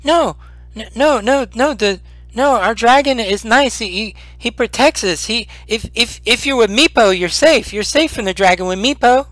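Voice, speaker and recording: A man's voice: extremely high pitch, normal speed, fairly bright tone, no room sound, voice pushed up. A man voicing a small, tearful, frightened male kobold who stammers and pleads. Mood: pleading.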